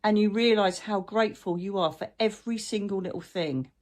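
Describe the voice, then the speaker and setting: A woman hosting a spiritual channel chats warmly in a casual, heartfelt vlog, rambling through tender anecdotes while dealing with chronic illness and brain fog. Her voice is mid-range and a touch fast.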